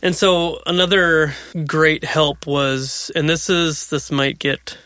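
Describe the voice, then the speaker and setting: A man's voice: a little high, steady tone, slow, bright, forceful tone, dry recording. A middle-aged man and father chatting casually about faith and parenting, rambling through stories. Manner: rambling, storytelling with acted quotes and laughs.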